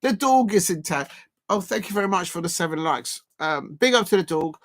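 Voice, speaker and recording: A man's voice: sits high, lively intonation, a little fast, a bit bright. Chatty man hosting a livestream. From South London. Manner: rambling, chatty, reads and answers viewer messages. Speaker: livestream host. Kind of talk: live football watchalong chat.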